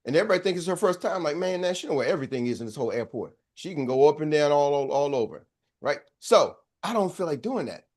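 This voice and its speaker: Speaking quickly, a middle-aged sales coach preaches through stories in a motivational speech and keeps addressing his listeners directly. His voice is fairly high and a little mellow, with lively intonation.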